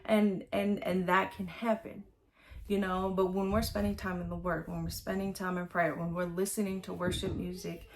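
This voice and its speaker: A woman with a somewhat low voice shares thoughts on a scripture passage in an unpolished, conversational way. She rambles, circles back and leans on fillers as she goes. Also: little pitch movement, normal speed. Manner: rambling, with many fillers and restarts. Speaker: vlogger. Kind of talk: casual Bible reflection.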